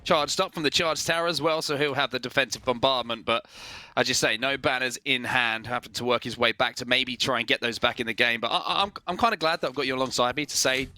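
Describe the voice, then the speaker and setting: A young British man doing fast, excitable play-by-play commentary on an esports match. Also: dry recording. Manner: fast, excitable play-by-play, jumping into higher exclamations. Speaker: esports caster.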